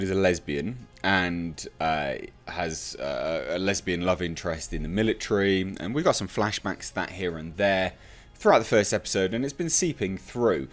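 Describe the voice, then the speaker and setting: A British man hosting an opinionated TV review, ranting bluntly and sarcastically. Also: on the low side. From Britain. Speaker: TV reviewer host.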